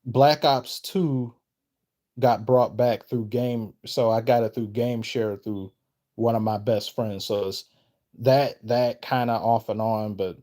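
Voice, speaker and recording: A man chatting on a live stream, reading viewers' messages aloud and answering them off the cuff. He rambles and trails off mid-thought, then starts his sentences over. His voice springs upward whenever he gets excited. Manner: lively, pitch jumps up when excited. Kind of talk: casual live-stream chat.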